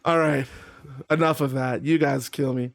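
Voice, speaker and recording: A man's voice: mid-range voice, fairly even intonation, moderate pace. A man casually narrating a wrestling game league, rambling, swearing freely and laughing at his own stories.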